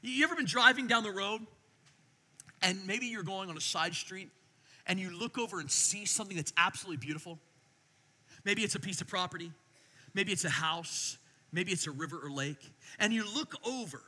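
A middle-aged man preaching a sermon as pastor, telling stories in an animated way and swinging between quiet and loud. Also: high voice, a little fast, big-room sound.

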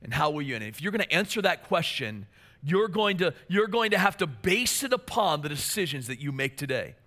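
A man's voice: a little high, big pitch swings, a little fast, sharp tone. A man preaching a sermon as pastor, earnest and emphatic, repeating key phrases for weight.

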